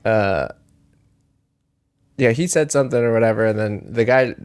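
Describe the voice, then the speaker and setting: A young man co-hosting a podcast, telling a story in casual chat and acting out the shouting in it. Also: mid-range voice, moderate pace, clean tone. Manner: animated storytelling, acts out quoted shouting. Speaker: podcast co-host.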